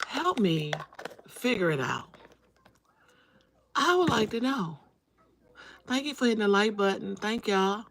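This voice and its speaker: A woman's voice: medium pitch, big pitch swings, measured pace, gravelly, pauses often, a bit bright. A woman hosting a casual livestream, talking straight to her viewers, greeting them by name and repeating phrases for emphasis. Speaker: livestream host. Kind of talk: casual live-stream chat.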